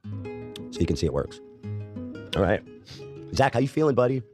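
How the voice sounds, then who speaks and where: A man's voice: medium pitch, very animated, normal speed, music in the background. A sick man hosting a podcast, brash and joking, in casual profane banter. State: sick, coughing. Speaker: podcast host.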